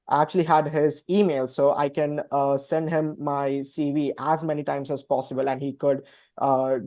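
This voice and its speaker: A man's voice: on the high side, a little mellow, no room sound. A young adult man sharing his residency match story in a casual webinar, hesitant with frequent fillers.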